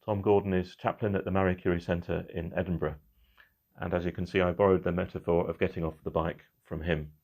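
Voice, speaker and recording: Middle-aged male minister, deep voice, unhurried reflective delivery. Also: little pitch movement, a little mellow. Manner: measured and reflective, slowing on key phrases. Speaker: church minister. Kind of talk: midweek reflection.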